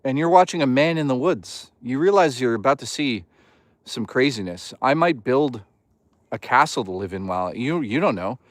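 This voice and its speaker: A man's voice: mid-range voice, expressive, normal speed, no room sound. A man casually chatting and joking with his live chat while out in the woods. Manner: joking, loose and teasing with chat. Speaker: streamer. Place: outdoors in the woods.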